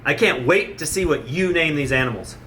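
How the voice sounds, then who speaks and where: Bright rambling man, enthusiastic. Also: on the high side, expressive, fairly quick, a little hiss or hum. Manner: rambling, stumbling over repeated words; enthusiastic, gets emotional. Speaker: nature center owner presenting animals. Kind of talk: casual video talk to viewers.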